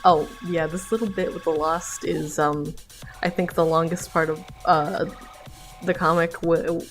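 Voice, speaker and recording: A woman's voice: low-pitched, flat delivery, a little slow. A woman reading her own comic on a live stream and chatting casually, with fillers and laughs, faint music behind. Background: faint background music.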